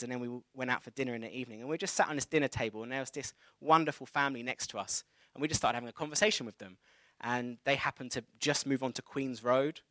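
A man in his thirties preaching a sermon, telling a personal story in a conversational, animated way. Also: mid-range voice, no room sound. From England.

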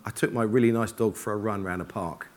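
A man giving an informal church sermon, telling personal stories in a lively, self-deprecating way and acting out his own thoughts. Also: on the low side, a little fast, a little hiss or hum. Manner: animated, self-deprecating, acts out inner dialogue. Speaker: preacher. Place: church hall with congregation.

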